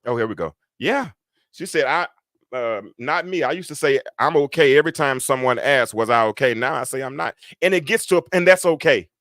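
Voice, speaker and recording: A man hosting a livestreamed Bible lesson. He shifts between loud, high-pitched preaching and quiet muttered asides, and he often stumbles and restarts. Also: expressive, a little fast, dry recording. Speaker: preacher and podcast host. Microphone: computer mic on a livestream.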